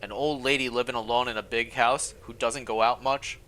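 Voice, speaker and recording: A man voicing a gruff old village man in a game, in a low and steady put-on voice. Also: normal speed, close to an everyday voice. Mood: matter-of-fact.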